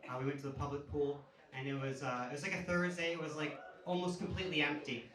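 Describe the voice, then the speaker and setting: A man in his thirties telling stories in a stand-up comedy set, casual and conversational, now and then breaking into loud yelling for the punchline. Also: fairly high pitch, level tone, quick pace. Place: comedy club stage before a laughing audience. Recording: roomy club sound, caught from a distance.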